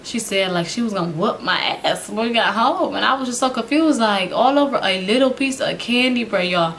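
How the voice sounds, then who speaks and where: A young woman vlogger, telling a casual storytime to viewers, animated and laughing often. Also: mid-range voice, a little fast, a little hiss or hum.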